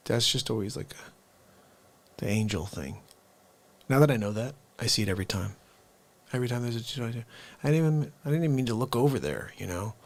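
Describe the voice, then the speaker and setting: A man hosting an unscripted live stream, rambling chattily and addressing his viewers directly. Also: mid-range voice.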